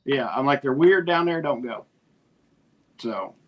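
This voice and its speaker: A middle-aged man with a medium-pitched, unhurried voice co-hosts a podcast. In casual chat, he tells stories, animatedly retelling conversations.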